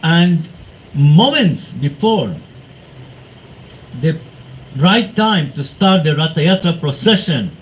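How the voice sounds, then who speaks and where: A man with a slightly raised pitch tells devotional anecdotes to a gathering. He is animated and plays out the people he quotes. The recording is muffled and lo-fi, with a faint hum behind him. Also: slow, pauses often. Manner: animated storyteller, acts out quoted voices, laughs often. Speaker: devotee speaker. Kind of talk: storytelling talk to a congregation.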